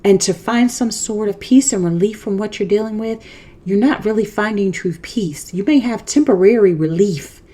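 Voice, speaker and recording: A woman's voice: mid-range voice, moderate pace, mellow. A woman hosting an inspirational faith podcast, speaking earnestly and emphatically straight to her listeners, repeating and rephrasing her points. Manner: speaks directly to listeners, encouraging. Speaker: podcast host.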